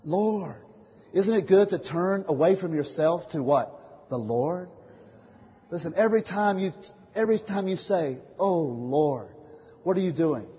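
A man preaching a sermon, calling out questions for the congregation to answer and swinging from quiet asides to loud declarations. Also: sits high, lively intonation, moderate pace, slight background noise. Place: church meeting hall. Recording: muffled, echoey hall recording.

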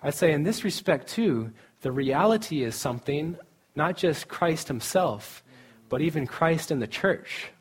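Laughing often as he goes, a middle-aged man gives a relaxed, humorous sermon to a student camp as a campus ministry speaker. He sounds a little high and slightly rough, animated yet unhurried.

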